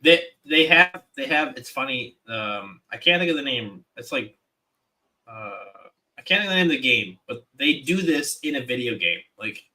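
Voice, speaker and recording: Animated man chatting on a livestream. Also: mid-range voice, moderate pace. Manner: animated, stumbling restarts. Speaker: guest artist. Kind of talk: casual livestream chat.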